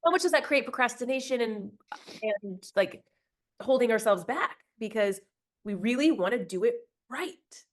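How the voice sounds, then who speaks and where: A woman hosting a podcast interview, chatting casually with lots of fillers and quick affirmations. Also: fairly high pitch, expressive. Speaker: podcast host.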